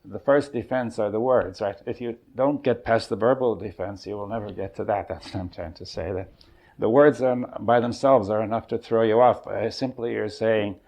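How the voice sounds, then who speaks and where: An older man leading a seminar, thinking aloud in a halting, searching way and often checking in with his listeners. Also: lowish voice, fairly even intonation, darkish tone. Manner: thoughtful, halting, often checks in with "right?" and "you see". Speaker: seminar leader. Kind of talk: exploratory seminar talk. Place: seminar room.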